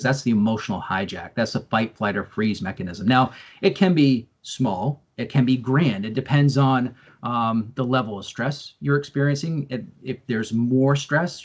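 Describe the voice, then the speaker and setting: A man's voice: medium pitch, muffled recording. Man giving a video-call training talk. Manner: earnest, explanatory, with frequent fillers and repeated words. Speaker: presenter. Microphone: video call microphone.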